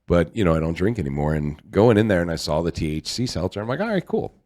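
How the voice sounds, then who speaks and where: A man co-hosting a podcast, talking in a rambling, halting way with many fillers. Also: sits low, darkish tone. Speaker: podcast co-host. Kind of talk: casual chat.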